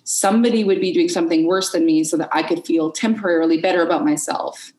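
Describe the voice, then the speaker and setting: A woman's voice: fairly low pitch, fast talker. Candid woman in a roomy-sounding space. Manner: candid and expressive, swears freely, acts out her inner voices. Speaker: podcast guest. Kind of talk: unscripted podcast conversation.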